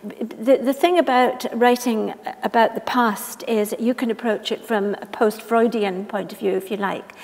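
A woman's voice: fairly high pitch, steady tone, darkish tone. Woman, articulate interviewer, onstage library talk, echoing hall. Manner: articulate, measured questions. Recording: long reverb from a hall.

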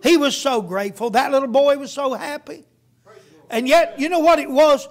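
A man's voice: very high voice, normal speed. A man preaching a sermon as a guest preacher, telling a story in a folksy storytelling way.

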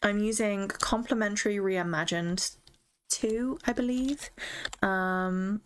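Slow and clean-toned, this young woman's medium-pitched voice carries her casual gameplay chat. As a gaming streamer, she gushes over what she discovers and chatters to herself and to the animals in the game.

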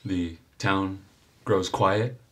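A man's voice: low voice, fairly even intonation, drawn-out words, a bit bright. A man narrating a tabletop game as game master, telling the story with fillers and laughs.

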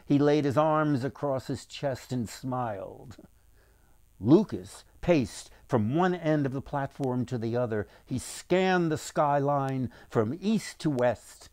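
A man's voice: mid-range voice, darkish tone, dry recording. A man as author reading his own storybook aloud, with acted voices for the characters.

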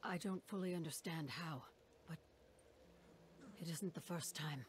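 Give me a young dark-fantasy heroine who sees visions, soft and measured, her voice sitting fairly low. A faint hiss lies behind her. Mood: uneasy. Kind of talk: game cutscene dialogue.

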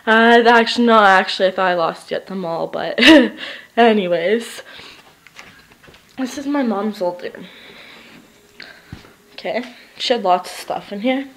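A young woman giving a casual, giggly tour of her old basement, swearing freely and getting animated as she tells stories. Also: medium pitch, measured pace, pauses often. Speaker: vlogger giving a house tour. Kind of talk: casual rambling vlog tour. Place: empty basement of an old house, indoors.

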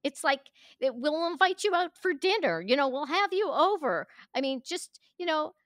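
A woman's voice: high voice, animated, normal speed, a bit bright, no room sound. An older woman trading casual chat with punchy stand-up comedy timing. She tells jokes in a dry, close-miked voice, slipping into the voices of the people in her stories. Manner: punchy joke delivery, acts out quoted voices. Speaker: comedian guest.

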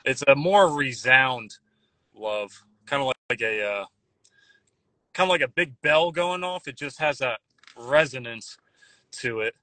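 A man chatting casually as a guest, rambling and halting with frequent restarts. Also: medium pitch, lively intonation, pushed and bright, dry recording. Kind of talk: casual chat. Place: Nashville.

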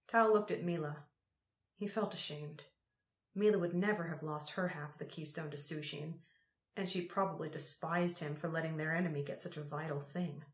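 A woman narrating an audiobook in a measured, unhurried way. Her voice sits somewhat low. The recording has a roomy echo around it. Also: steady tone.

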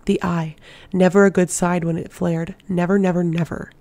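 Steady fantasy audiobook narrator; gravelly, even tone. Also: mid-range voice, moderate pace, no room sound. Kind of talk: fan audiobook reading of a fantasy novel.

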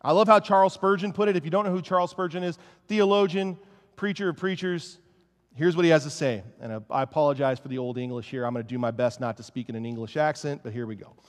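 Animated preacher with a slightly high voice. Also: male voice, fast. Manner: casual, joking, animated preaching. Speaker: pastor. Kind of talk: sermon. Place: church sanctuary. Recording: long church-hall reverb.

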